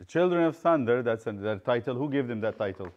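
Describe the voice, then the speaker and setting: A man's voice: medium pitch, lively intonation, fairly quick, lo-fi sound. A man teaching a children's Bible study, quizzing the class and retelling stories with acted-out voices.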